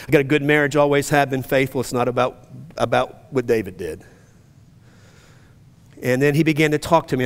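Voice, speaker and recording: A man's voice: medium pitch, gravelly. Man preaching in a reverberant church. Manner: storytelling, rising to loud passionate preaching. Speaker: pastor. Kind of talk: sermon. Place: church sanctuary. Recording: long reverb of a church hall.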